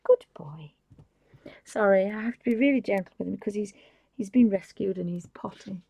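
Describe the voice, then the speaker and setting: A woman's voice: medium pitch, fast, vocal fry, warm tone, no room sound. A woman hosting a live painting tutorial, chatting casually and often dropping to a whisper, with rambling, apologetic asides at her home desk. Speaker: craft channel host.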